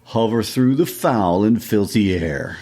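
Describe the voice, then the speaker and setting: A man reading the lines of chanting witches in a slow, incantatory way. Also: lowish voice, expressive, mellow, breathy edge, exaggerated voice. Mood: eerie chant. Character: chanting witches, eerie weird sisters.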